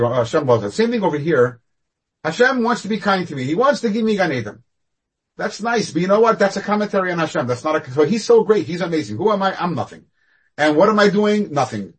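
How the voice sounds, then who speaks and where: Husky-voiced man teaching animatedly. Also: high voice. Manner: animated, with sudden rises and falls in loudness. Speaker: rabbi teaching a class. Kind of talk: online Torah class.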